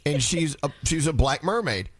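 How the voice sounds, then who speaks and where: A man hosting a casual morning radio talk show, animated and quick to jump in with questions. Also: a little high, husky, no room sound. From United States.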